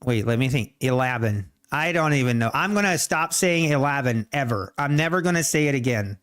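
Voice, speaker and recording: A man's voice: mid-range voice, lively intonation, fairly bright tone, smooth. A man hosting a casual trading livestream, rambling and correcting himself, then playfully defending his speech to chat. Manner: slow, rambling, self-correcting.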